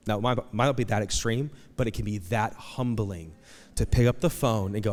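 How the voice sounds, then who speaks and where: A man preaching a conversational, animated sermon as pastor, acting out quoted voices. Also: lowish voice, normal speed. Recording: long hall reverb.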